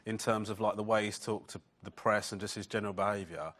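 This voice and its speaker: A man's voice: on the low side, steady tone, a bit bright. A male comedian on a panel show, ranting in an exasperated way and repeating his catchphrase. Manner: fast, exasperated ranting, repeats "do you know what I mean". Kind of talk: comic rant.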